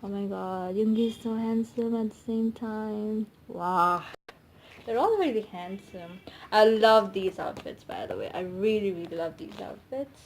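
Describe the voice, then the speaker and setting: A young woman vlogger unboxing a DVD set at home, gushing and squealing with delight between quieter asides. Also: medium pitch, animated, a little slow, a little hiss or hum. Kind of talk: excited unboxing vlog.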